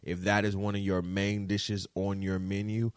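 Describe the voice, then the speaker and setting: Man, casual storytelling, animated and profane, dry close sound. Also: sits low, normal speed, no echo. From Detroit. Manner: animated, profane, keeps checking in with the audience.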